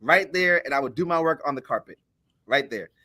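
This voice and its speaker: A man on a podcast telling a childhood story in a casual, animated way, acting out the voices of the people in it. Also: on the high side, a little fast. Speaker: podcast co-host.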